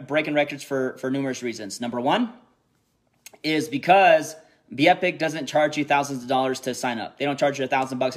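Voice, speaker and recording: A man giving a casual motivational live talk to his team, energetic and repetitive, checking in with "okay?" after every point. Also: medium pitch. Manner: energetic, repeats himself, peppers lines with "okay?". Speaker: network marketing team leader. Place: resort room by a heated pool on a snowy day.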